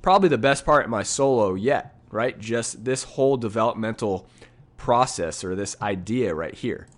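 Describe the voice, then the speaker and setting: Speaking at a moderate pace in a fairly low, animated voice, this male music teacher walks through his recorded piano solo in a relaxed way. He scats rhythms out loud, often tosses in "right?", and faint piano plays behind him.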